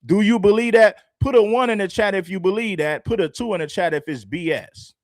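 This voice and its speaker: Emphatic high-voiced man doing stream commentary. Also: lively intonation, fairly quick, no echo, clean studio sound. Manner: emphatic, mocking, fires rhetorical questions at the audience. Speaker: livestream commentator. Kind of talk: reaction livestream commentary.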